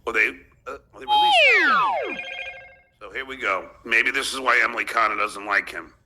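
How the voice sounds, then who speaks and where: A man's voice: medium pitch, huge pitch swings, moderate pace, very noisy. A man hosting a podcast, giving casual live commentary over a clip in a sarcastic, needling way and cutting in often. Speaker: podcast host reacting to a clip.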